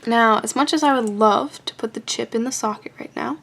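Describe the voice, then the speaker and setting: A woman with a somewhat high voice and a gravelly edge narrates a hands-on kit build in a casual way. She jokes at her own expense, laughs easily, and often slips into a soft whisper while she concentrates. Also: fairly quick, soft background music. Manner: playful and self-joking, often laughing. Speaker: amateur radio hobbyist building a kit.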